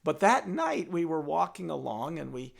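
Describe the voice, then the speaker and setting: Gravelly, animated male storyteller. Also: fairly high pitch. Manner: lively, halting, full of restarts, talks to his donkey. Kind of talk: told folk tale with a puppet.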